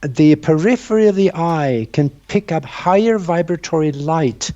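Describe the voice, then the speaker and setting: A man with a mellow, dark voice talks earnestly, walking the listener through his ideas like someone sharing a secret. The sound is dull and lo-fi. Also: a little high, animated, normal speed. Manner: earnest, explanatory, storytelling. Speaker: guest researcher. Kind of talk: conversational interview.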